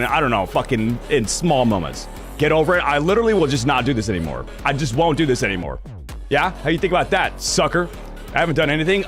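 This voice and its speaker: A young male streamer with a fairly high voice, rambling to his chat in a loose, casual way. His delivery swings widely in pitch as he rants and grumbles, and faint music plays under him. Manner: animated, ranting, swears freely.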